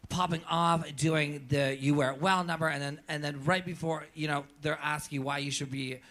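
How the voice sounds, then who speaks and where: A man's voice: a little high, fairly even intonation, moderate pace, fairly bright tone. A man from Canada, a drag performer on a viewing-party panel, talking in an emotional, casual way with frequent swearing and repetition. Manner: emotional, swears often, repeats himself. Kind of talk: casual chat.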